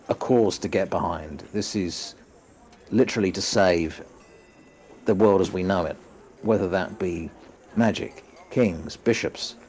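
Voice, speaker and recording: A man playing an earnest young man who pleads with his mother, talking in a halting, stammering way. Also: on the low side, a little mellow, slight background noise, close to an everyday voice.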